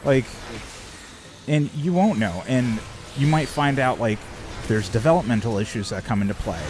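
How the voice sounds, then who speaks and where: A man's voice: mid-range voice, normal speed, background noise. A man chatting casually on a live stream, rambling and swearing, with many fillers.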